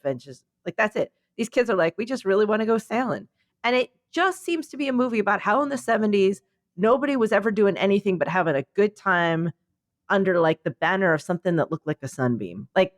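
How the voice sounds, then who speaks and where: A lowish-voiced American woman, co-hosting a podcast while tired and sleepy, drifts loosely through a story. She playfully acts out quotes in goofy voices, keeping it casual and funny, and the audio is close and dry with no sense of room.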